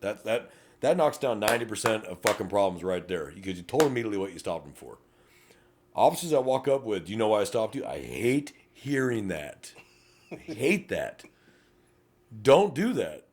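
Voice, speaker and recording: A middle-aged man talks on a podcast as a police officer. His low voice rises and falls widely as he tells stories. His delivery is blunt and full of swearing. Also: moderate pace, a little hiss or hum. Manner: blunt, profane, animated storytelling. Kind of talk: casual podcast chat.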